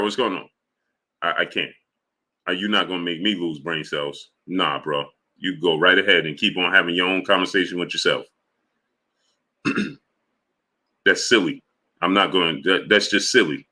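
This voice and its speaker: A man hosting a sports livestream, talking fast and exasperated, firing rhetorical questions and greeting chatters in a low mutter. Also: sharp tone. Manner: exasperated, rhetorical, repeats himself. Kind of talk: live stream commentary, reading chat.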